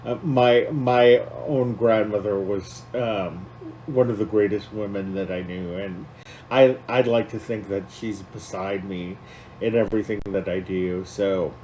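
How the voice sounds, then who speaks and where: A man's voice: lowish voice, fairly even intonation, measured pace, dark tone, slight background noise, low-quality recording. A man co-hosting a podcast, talking casually and with feeling, rambling with many fillers and restarts. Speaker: podcast co-host.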